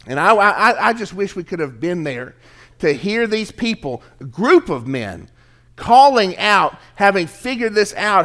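A man's voice: high voice, a bit bright. A middle-aged man preaching a conversational sermon to a congregation in church, joking with the listeners. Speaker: pastor. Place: church sanctuary.

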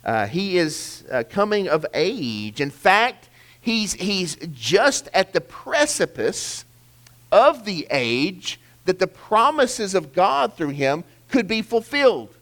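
Lively, earnest male preacher. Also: sits high, takes it slowly. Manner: earnest, emphatic, with frequent restarts and rhetorical questions. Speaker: pastor. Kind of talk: sermon.

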